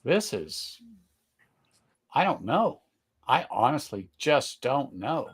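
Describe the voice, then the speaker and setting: A middle-aged man hosting a live whisky tasting, talking casually, searching for words, then bursting into excited exclamations. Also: mid-range voice, slow, breathy edge. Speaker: whisky tasting livestream host.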